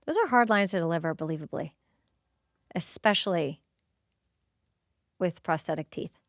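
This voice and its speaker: A woman podcast host giving excited, casual play-by-play commentary while rewatching a TV episode. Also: fairly low pitch, slow, long pauses, dry recording, studio quality. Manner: excited, gushing, narrating scenes as they happen.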